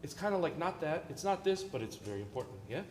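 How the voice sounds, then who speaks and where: A man's voice: fairly high pitch, sing-song, fast talker, slight background noise. A man leading an orchestra rehearsal, joking and encouraging the players as he coaches them. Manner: playful, encouraging, jokey. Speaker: orchestra conductor. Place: large concert hall. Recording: echoey hall with long reverb.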